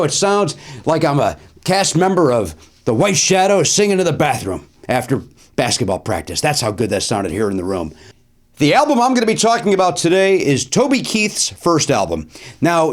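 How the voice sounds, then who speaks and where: Wry, animated middle-aged man hosting. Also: fairly high pitch, moderate pace. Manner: wry, self-deprecating, rambling asides. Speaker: podcast host. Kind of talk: comedic solo podcast monologue. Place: studio.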